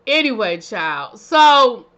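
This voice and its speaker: A chatty woman recaps a reality show with sass and playful asides. Her voice is bright and forceful. The recording sounds a little dull and lo-fi. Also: on the high side, sing-song, slow pace. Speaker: reality TV reviewer. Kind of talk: casual recap commentary.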